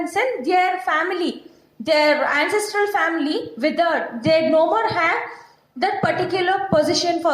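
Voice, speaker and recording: High-voiced Indian woman teacher, echoey room. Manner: reads a line, then explains it simply, checking with "right?". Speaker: English teacher. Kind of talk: explaining a textbook passage to a class.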